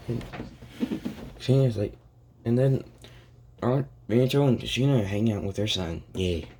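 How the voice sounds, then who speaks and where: A man's voice: medium pitch, slow pace, long pauses, darkish tone, slight background noise. A young man improvising a rambling fan story aloud, full of restarts and "and he's like" asides. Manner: rambling, many restarts and "and it's like".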